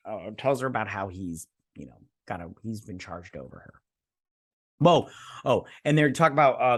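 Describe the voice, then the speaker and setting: A man's voice: mid-range voice, a bit bright, no room sound, clean studio sound. A man hosting a casual episode review, rambling and sarcastic, acting out the characters' lines as he recaps. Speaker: host.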